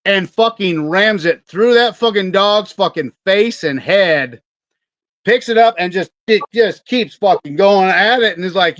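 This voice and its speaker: A man chatting as a guest on a livestream, telling stories quickly and profanely. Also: sits high, a bit bright, no room sound, lo-fi sound. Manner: profane, fast-talking. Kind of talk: casual storytelling chat.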